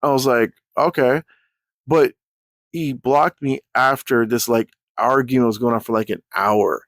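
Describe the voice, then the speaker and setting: A man's voice: medium pitch, fairly even intonation, a little slow, dry recording. A man telling a rambling, profane storytime rant as a YouTuber.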